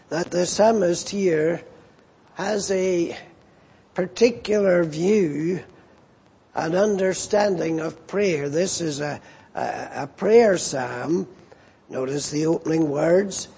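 An older man preaching a sermon, slow and deliberate, stressing quoted lines. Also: high-pitched, creaky, mellow, husky.

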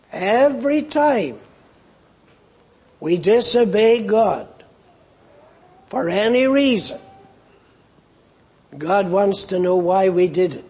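Man preaching a sermon, high voice, slow and earnest, husky edge, pleading questions. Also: darkish tone.

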